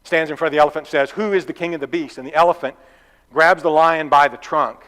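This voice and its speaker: A man's voice: fairly high pitch, fast, fairly bright tone. Man preaching in an echoing church hall. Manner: conversational, folksy storytelling with asides. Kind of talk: sermon. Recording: long reverb of a church hall.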